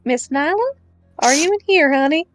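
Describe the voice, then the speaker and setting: A woman's voice: high-pitched, lively intonation, normal speed, no echo, soft background music, voice pushed up, poor audio. A woman voicing a motherly older woman who comforts a crying girl in a folksy drawl, hesitant and fond of calling her honey. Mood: concerned.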